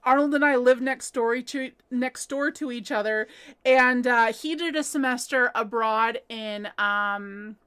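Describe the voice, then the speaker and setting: A woman's voice: a little high, unhurried, a bit bright, clear, resonant tone. A young adult woman hosting a home crafting livestream, chatting casually as she reads viewer comments and laughing often. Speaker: crochet livestream host.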